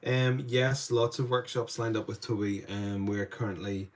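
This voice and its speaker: During a live-streamed painting demo in an indoor studio, a man with a somewhat low voice quietly works through each step, almost thinking aloud. His intonation is fairly even and his pace normal, though he lifts his voice to greet viewers and answer what they ask in chat.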